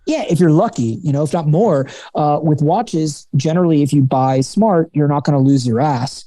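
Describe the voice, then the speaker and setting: Male podcast guest, watch dealer; mellow, warm tone, dry close sound; candid, loose, sprinkles in swearing. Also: fairly high pitch, normal speed, no room sound. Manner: candid, swears freely, lots of fillers. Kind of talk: casual conversational interview.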